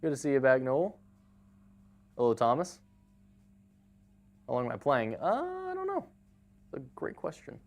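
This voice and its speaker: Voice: mid-range voice, moderate pace, vocal fry, long pauses. A live game streamer in casual chat, greeting viewers by name and laughing easily.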